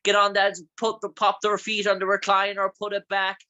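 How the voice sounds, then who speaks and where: A man's voice: sits high, completely flat delivery, a little fast, bright, forceful tone, muffled recording. A man with an Irish accent hosting a casual interview, asking long, rambling questions full of fillers. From Ireland. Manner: rambling, filler-heavy phrasing.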